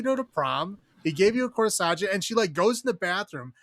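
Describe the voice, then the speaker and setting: Man, casual film-review chat, lively rambling, slightly high voice, dry close sound. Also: no room sound. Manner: rambling, acts out movie characters in quick quotes. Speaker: podcast co-host.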